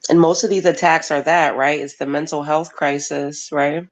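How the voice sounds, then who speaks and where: A woman's voice: low-pitched, steady tone, moderate pace. Supportive woman chatting on a show. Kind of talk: casual chat. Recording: slightly dull lo-fi sound.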